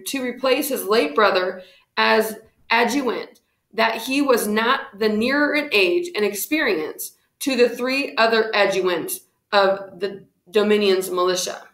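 A woman's voice: medium pitch, unhurried, fairly bright tone. A woman reading aloud, voicing a male colonial councilor who objects firmly and formally, in an echoey room. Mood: objecting.

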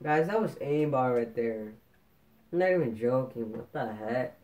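A man's voice: mid-range voice, animated, unhurried, darkish tone, dull audio. A man giving frustrated gameplay commentary while playing a shooter, ranting and repeating his complaints to viewers. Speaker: gaming video host.

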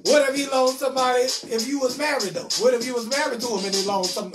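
Male comedian host, high voice, reads viewer comments with loose jokes; off-mic, music playing behind. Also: fairly even intonation, fast, distant mic. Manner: loose, joking, talks back to commenters. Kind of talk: live-stream commentary reading viewer comments.

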